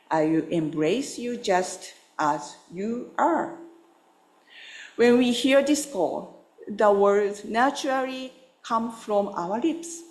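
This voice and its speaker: A woman Buddhist minister giving a gentle, unhurried dharma talk, telling a story with pauses and small fillers. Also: mid-range voice. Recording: roomy hall sound.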